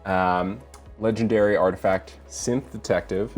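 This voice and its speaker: A man at a card game table, calmly reading out card text and walking through his play. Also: lowish voice, a little slow, faint music behind. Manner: calm, reads card text carefully. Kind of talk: casual game-table chat.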